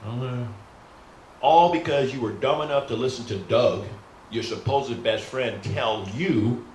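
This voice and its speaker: A man's voice: fairly low pitch, unhurried. A middle-aged man rehearsing stand-up comedy in a rambling, self-deprecating way, often calling out to the folks. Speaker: new stand-up comic. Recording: roomy echo, faint hum.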